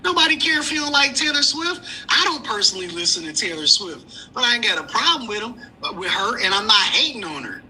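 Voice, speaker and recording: A man's voice: high-pitched, big pitch swings, fast talker, few pauses, bright, forceful tone, a little hiss or hum, rough recording. A man calling into a livestream, talking bluntly and heatedly in a slangy, casual way. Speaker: caller. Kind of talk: casual call-in chat.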